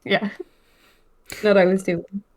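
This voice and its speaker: A woman's voice: mid-range voice, little pitch movement, slow pace, a little hiss or hum, poor audio. A young Irish woman in casual podcast chat, rambling and chatty with lots of fillers. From Ireland. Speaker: podcast host.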